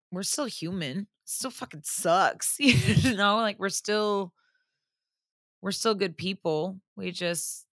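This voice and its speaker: A woman in her thirties talks frankly and swears a lot, laughing between thoughts. Her voice sits low for a woman but sounds bright and forceful. The recording is close and dry. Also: dry recording. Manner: frank, profane, laughs often. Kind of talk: candid casual chat.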